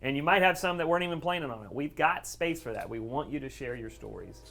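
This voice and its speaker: Brief: middle-aged male speaker, animated storyteller, mid-pitched voice, addresses a room. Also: fast, creaky. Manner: lively storyteller, voices quotes with big pitch jumps. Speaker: speaker at a care event. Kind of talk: storytelling talk to a live audience. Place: event room near train tracks.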